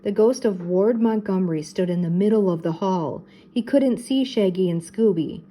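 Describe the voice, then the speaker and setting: An older woman, a teacher, reading a children's mystery book aloud with steady, expressive narration. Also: medium pitch, normal speed, poor audio.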